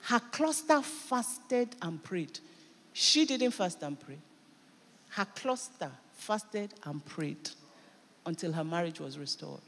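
Woman pastor preaching in church; animated, emphatic delivery that swings loud; voice carries a long hall reverb. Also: on the low side, slow. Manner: animated, emphatic preaching with sudden bursts of loudness. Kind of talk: sermon.

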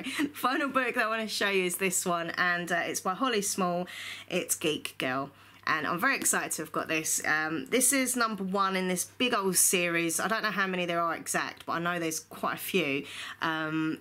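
Bright-voiced chatty woman. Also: fairly low pitch. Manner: chatty, rambling, gushing with excitement. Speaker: book vlogger. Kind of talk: casual book haul chat. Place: indoor room at home.

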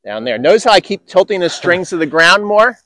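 A man's voice: high-pitched, very animated, a little fast, pushed and bright, no room sound. A man coaching tennis on an outdoor court, upbeat and encouraging with enthusiastic praise.

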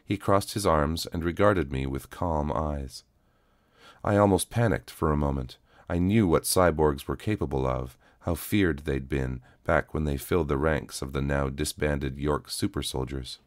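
A man narrating a first-person story in a steady, intimate reading. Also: extremely low pitch, a little slow, dry recording, clean studio sound.

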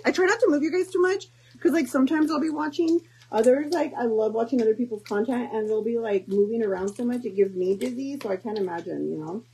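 A woman's voice: medium pitch, gravelly, a little mellow, a little hiss or hum, poor audio. A young woman chatting and joking through a home cooking stream, tossing in Spanish words. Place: home kitchen.

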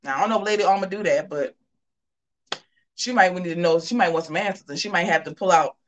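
A woman hosting a live gossip show, talking casually and sassily, with drawn-out asides to her viewers. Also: on the low side, a little hiss or hum.

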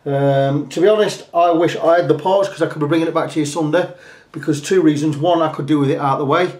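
A man's voice: a little high, fairly even intonation, quick pace, darkish tone. A luthier talking casually and plainly in his workshop, rambling a bit with fillers. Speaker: luthier and guitar repairer. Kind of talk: casual workshop video talk. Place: guitar workshop indoors. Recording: roomy echoey workshop.

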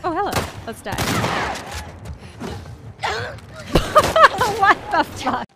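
A woman streamer reacting to a game, jumpy and excitable, often screaming, laughing and swearing. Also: very high-pitched, very slow, creaky. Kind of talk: live gameplay reactions. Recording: game noise under the voice.

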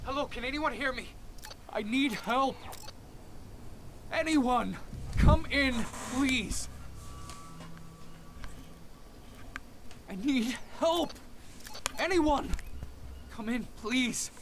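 A man's voice: very high voice, slow, pauses often, a bit bright, a little hiss or hum, exaggerated voice. An actor playing a stranded young man in a video game, calling for help over the radio in pleading, panicked bursts.

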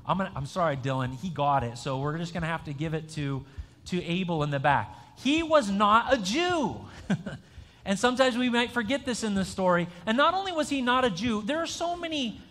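A man with a high voice preaches a conversational sermon in a church sanctuary. He talks in a chatty, joking way and often restarts his sentences. A long hall reverb trails each phrase. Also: lively intonation, a little fast, fairly bright tone. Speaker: pastor. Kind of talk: conversational sermon with an interactive quiz.

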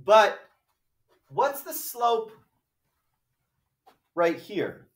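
A male math teacher lectures in a slightly higher voice, checking in with rhetorical questions as he explains. He sounds set back from the mic in an echoey room. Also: very animated, extremely slow, recorded from a distance. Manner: explanatory, asks rhetorical questions with frequent "right?". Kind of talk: classroom lecture.

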